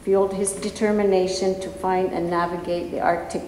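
A woman giving formal remarks at an event in a composed, measured way. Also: on the low side, level tone, dark tone. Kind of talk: formal speech. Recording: reverberant hall with faint noise.

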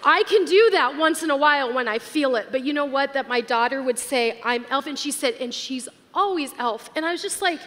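A woman's voice: high-pitched, fairly quick, hardly any pauses, a bit bright. A woman pastor giving an earnest, emotional sermon to a live audience. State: tearful at times. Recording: live hall with long reverb, faint music.

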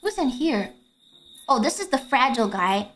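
A young woman streaming a game, chatting casually in an excitable, swearing, stammering way with frequent laughter, and faint game music behind her. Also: high-pitched, normal speed.

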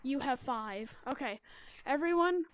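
A young woman hosting a casual multiplayer game, bossy and quick with instructions and scores. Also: sits high, animated, dull audio, a little hiss or hum. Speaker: game host running rounds.

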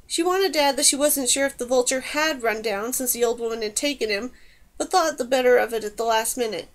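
A woman narrating a fantasy audiobook in a measured, even reading. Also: on the high side.

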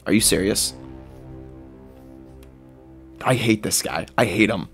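A man giving excitable, jokey commentary while playing a survival game, squealing high whenever he is delighted. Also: takes it slowly, creaky, pauses often, faint music behind. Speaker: gaming video creator.

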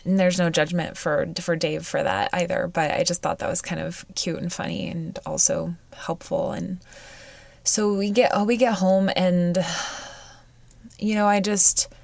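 A woman hosting a personal podcast, weepy and close to tears, speaking in halting, searching phrases with frequent sighs. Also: lowish voice, steady tone, gravelly, a little mellow, no room sound. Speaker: podcast host.

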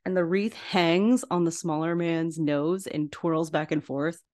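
Brief: woman podcast host, casual chatty film recap, slightly low pitch. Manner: animated, chatty, quick asides.

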